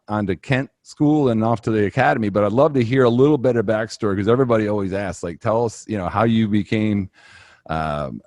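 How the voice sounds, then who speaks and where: A man from Massachusetts hosting a podcast, introducing his guest and asking questions in a measured way. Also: on the low side, darkish tone, no room sound, clean studio sound. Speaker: podcast host. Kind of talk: interview introduction.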